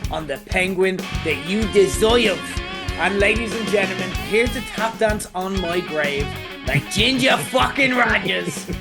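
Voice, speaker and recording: A man hosting a casual film podcast, excitable, swearing and laughing often. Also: sits high, unhurried, over music. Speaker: podcast host.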